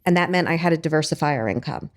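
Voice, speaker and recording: A woman's voice: low voice, racing. A woman, a business owner talking as a guest in a casual interview, chatty and full of "like" fillers.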